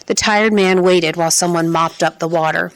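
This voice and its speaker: Woman narrator, audiobook read, slightly low, measured pace. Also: steady tone. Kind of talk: first-person scripted narration.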